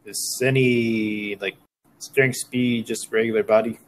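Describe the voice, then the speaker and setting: A man playing a tabletop game, thinking aloud in a relaxed, casual way. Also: fairly low pitch, takes it slowly, low-quality recording. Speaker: player.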